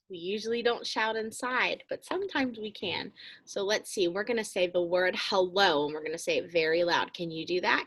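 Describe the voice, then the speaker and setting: Lively bright-voiced woman teaching children. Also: medium pitch. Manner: slow, encouraging, addresses children as friends. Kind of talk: children's phonics lesson.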